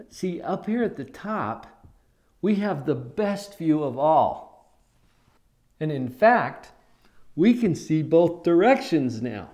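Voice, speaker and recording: A man giving a motivational talk to teenagers as a parenting coach, animated and full of rhetorical questions. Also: fairly high pitch.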